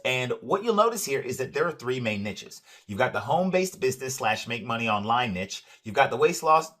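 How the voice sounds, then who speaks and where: Upbeat man pitching a software demo. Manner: upbeat sales pitch, frequent "right?" and "uh" fillers; stresses ease, direct to the viewer. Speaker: presenter demonstrating software. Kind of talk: screen-share product walkthrough.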